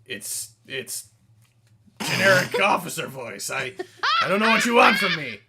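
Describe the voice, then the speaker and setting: A man voicing a gruff male bad-cop officer in a theatrical, mock-formal streaming chat, with a gravelly put-on voice. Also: fairly high pitch, sing-song, measured pace, very noisy, full character voice.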